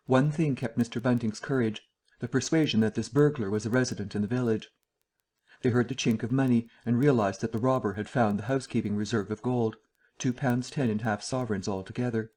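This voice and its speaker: In this audiobook, a mid-range male voice delivers scripted narration, telling the story in an even, steady way.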